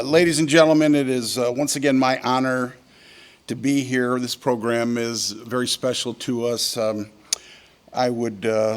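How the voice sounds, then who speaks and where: An older man giving a conference keynote speech, a folksy storyteller with frequent ums and uhs. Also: mid-range voice. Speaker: keynote speaker. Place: yacht club event hall.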